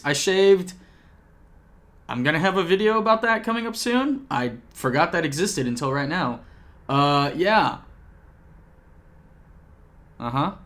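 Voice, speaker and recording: Young guy rambling on his vlog at home, kinda higher voice, keeps interrupting himself and cracking jokes. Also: a bit bright. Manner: rambling, self-interrupting, jokey. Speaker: YouTuber. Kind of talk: casual vlog recap. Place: home apartment. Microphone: camcorder.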